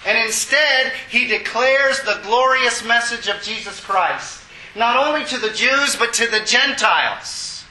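A male preacher delivers a sermon, stopping the scripture reading to explain it with emphasis and exclamations. His voice sits high and rings very brightly. The sound echoes around a roomy church room. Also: measured pace. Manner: emphatic, exclaiming, chuckles at asides. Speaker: pastor.

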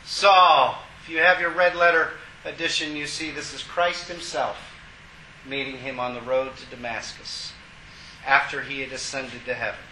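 A man's voice: mid-range voice, flat delivery, moderate pace, bright, forceful tone, reverberant, slight background noise, rough recording. A man preaching a sermon, reading scripture aloud and breaking off to explain it in an emphatic, exclaiming way. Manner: emphatic, exclaiming, chuckles at asides. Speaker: pastor.

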